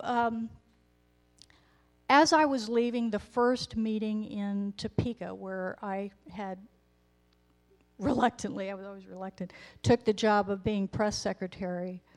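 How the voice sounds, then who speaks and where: A woman in her fifties tells her own story in a candid, self-deprecating way. Her voice sits at an ordinary middle pitch, and she mixes honest reflection with wry humor. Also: darkish tone. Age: 50s. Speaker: speaker telling her story. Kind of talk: personal storytelling talk.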